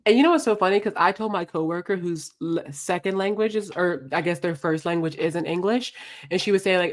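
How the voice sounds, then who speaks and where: A woman's voice: fairly low pitch, fairly quick. A woman co-hosting a podcast in casual chat, laughing often and acting out quoted lines as she talks. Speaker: podcast co-host.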